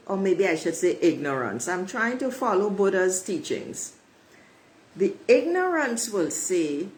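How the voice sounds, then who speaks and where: A woman's voice: mid-range voice, big pitch swings, slow pace, darkish tone, low-quality recording. A woman giving a spiritual oracle card reading to her viewers. She speaks emphatically and repeats her affirmations. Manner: emphatic, repeats affirmations, addresses listeners as beautiful souls.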